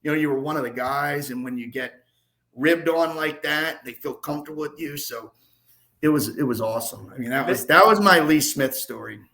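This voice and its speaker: Man in his forties, guest storyteller, animated, self-deprecating, slightly high voice. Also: moderate pace. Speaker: podcast guest, sports reporter. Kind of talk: casual storytelling.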